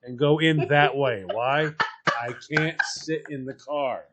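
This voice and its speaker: A man's voice: mid-range voice, slow, very noisy. A man hosting a podcast, telling a funny story in a casual way, acting out what people said and laughing as he talks. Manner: animated, acts out quoted voices, laughs while telling. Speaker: podcast host.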